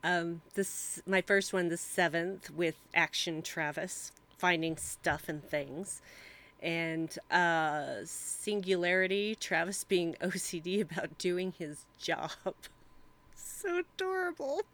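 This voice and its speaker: A woman's voice: fairly low pitch, steady tone, takes it slowly, a bit bright. A woman co-hosting a podcast, chatting casually, giggly and gushing, laughing often. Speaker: podcast co-host. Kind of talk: casual chat.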